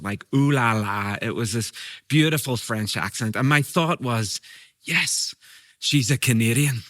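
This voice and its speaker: A man from Europe, a guest preacher telling stories in a sermon, moving between brisk asides and slow, emphatic lines. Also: lowish voice, a bit bright, no room sound, clean studio sound.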